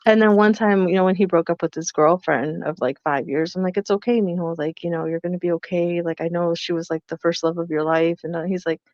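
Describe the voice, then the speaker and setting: A middle-aged woman co-hosting a podcast, telling animated stories about her son and quoting what each of them said. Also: fairly low pitch, a little fast, few pauses, no echo. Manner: animated storytelling, quotes herself and her son. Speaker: podcast co-host. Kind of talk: casual chat. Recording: dull lo-fi podcast mic.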